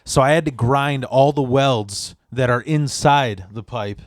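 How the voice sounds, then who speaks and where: A man's voice: medium pitch, measured pace, no room sound, studio quality. Profane rambling male storyteller. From Chicago area. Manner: profane, rambling with many restarts. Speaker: podcast guest. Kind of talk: casual storytelling.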